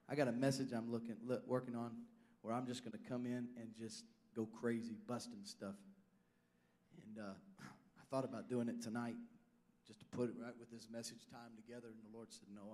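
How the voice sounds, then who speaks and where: A pastor preaching a sermon, swinging from loud declarations down to hushed asides. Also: male voice, mid-range voice.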